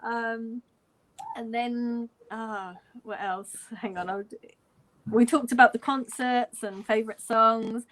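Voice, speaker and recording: Bright-voiced English woman recounting a story. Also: on the high side, slow. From London, England. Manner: animated retelling with quoted dialogue and frequent laughter. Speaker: fan guest sharing a story. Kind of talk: casual storytelling.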